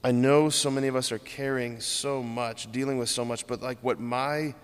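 A man's voice: medium pitch, fairly even intonation, moderate pace, clear, resonant tone. A man, a priest, giving an informal, earnest homily full of "like". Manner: earnest, informal, heavy use of "like". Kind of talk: conversational homily. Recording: long church reverb.

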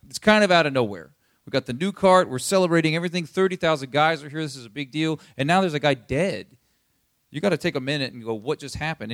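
A pastor preaches in a loose, conversational way, often checking in with listeners by asking "you see what I'm saying?" His voice is on the high side, recorded with clean studio sound and no echo.

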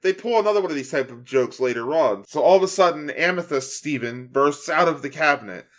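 A man's voice: fairly high pitch, brisk. A man co-hosting a casual chat, retelling cartoon scenes with laughs and little acted-out quotes. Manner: animated, laughing, acts out quotes. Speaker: podcast co-host.

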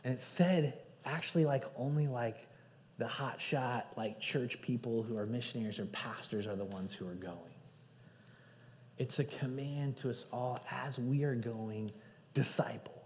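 A man preaching a sermon as pastor, earnest, moving between loud emphasis and hushed passages. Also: medium pitch, unhurried, slight background noise. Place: church sanctuary. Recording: hall reverb.

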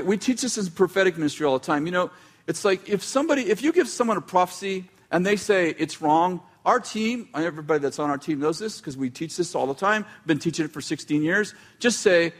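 A man's voice: high-pitched, lively intonation, normal speed. A man preaching in a casual, conversational style, often breaking off mid-sentence and adding wry asides. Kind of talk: conversational sermon.

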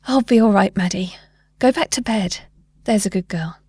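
A weary, tearful mother, soft and gentle with a sniffling edge, as a woman reads her aloud. Close, dry storybook reading. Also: medium pitch, moderate pace, slightly rough, no echo, lightly acted.

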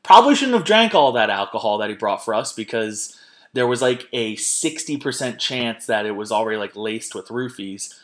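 A man's voice: fairly low pitch, animated, moderate pace, a bit bright. A young man hosting a podcast in casual, rambling chat, laughing often and swearing freely. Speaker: podcast host.

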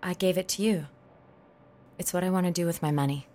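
An actress playing a determined young apprentice who speaks flatly and firmly. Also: female voice, lowish voice, fairly quick, close to an everyday voice.

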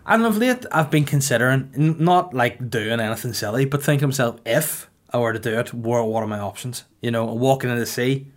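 A man, hosting a casual podcast chat with dry, deadpan banter. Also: medium pitch, brisk, few pauses. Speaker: podcast host.

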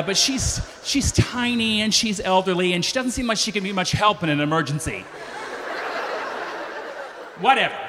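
A high-voiced man tells a comic story on a live stage, his pitch leaping around as he acts out the scenes. His tone is bright and sharp, and the hall gives it a long reverb with faint noise behind. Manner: animated, acts out voices with big pitch jumps. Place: stage before a live audience.

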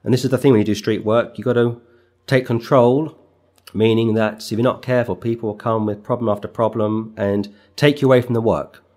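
A middle-aged man, a street preacher and pastor, giving an earnest, emphatic sermon on scripture that builds to forceful bursts. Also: on the low side, fairly even intonation, brisk.

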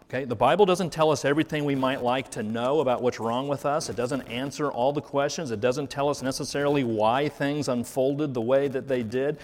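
A man's voice: mid-range voice, brisk, few pauses. Male pastor, mid-range voice, earnest sermon delivery from a reverberant church hall. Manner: earnest, reflective, with rhetorical questions. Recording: reverberant hall, faint noise.

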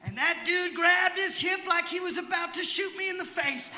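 Male evangelist, young, high voice, shouted sermon storytelling, echoey church hall. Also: moderate pace, a little hiss or hum. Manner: preaching that swings from hushed asides to shouted exhortation. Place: large church sanctuary.

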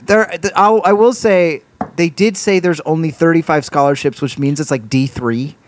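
A young man co-hosting a casual chat, telling stories with quick laughs. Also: a little high, slight background noise. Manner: animated storyteller, quick laughs. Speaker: podcast co-host.

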